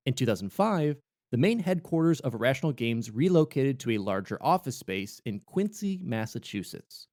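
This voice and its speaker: A man's voice: mid-range voice, moderate pace. A man co-hosting a gaming podcast, mixing casual jokey chat with read-out history notes. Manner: jokey, playful, animated. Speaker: podcast co-host.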